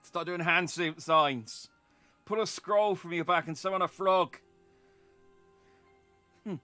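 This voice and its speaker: A man's voice: high-pitched, slow, sharp tone, dry recording, soft background music. A male streamer casually commenting on a game in a playful, joking way and laughing often. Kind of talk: let's play commentary.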